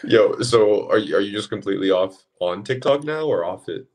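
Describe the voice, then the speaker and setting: A man's voice: lowish voice, expressive, moderate pace, a little mellow. A man co-hosting a casual podcast, laid-back and slangy, swearing casually. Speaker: podcast co-host.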